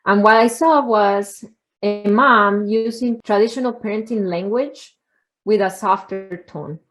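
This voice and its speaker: A woman who hosts a parenting podcast and teaches parents, explaining her points in a practical, steady way. Her voice sits at a middle pitch. She talks conversationally, as if walking a listener through an example. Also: unhurried, soft background music, poor audio. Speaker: podcast host and parenting educator.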